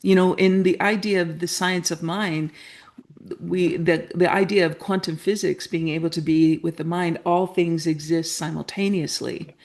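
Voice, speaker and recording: A woman's voice: fairly low pitch, fairly even intonation, normal speed, darkish tone. A middle-aged woman from Canada, a guest telling her story earnestly and acting out the dialogue she quotes. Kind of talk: storytelling interview talk.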